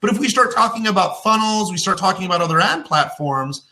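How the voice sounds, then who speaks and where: A middle-aged man hosting a business web show, teaching in a casual way and telling anecdotes with lively acted-out voices. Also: high-pitched, fairly quick. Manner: animated storytelling, acts out voices in anecdotes.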